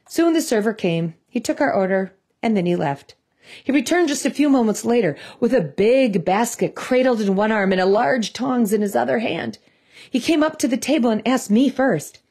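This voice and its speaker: Woman, Midwestern accent, devotional storytelling, earnest and chatty, slightly high voice. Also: lively intonation, brisk, darkish tone, slightly rough. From Minnesota, US. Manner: conversational, earnest, reflective. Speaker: devotional host.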